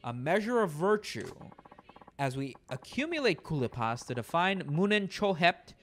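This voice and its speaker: A man's voice: on the high side, big pitch swings, normal speed, a bit bright. A man voicing a male cult disciple who earnestly preaches doctrine in a ceremonious way while reading game dialogue. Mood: solemn.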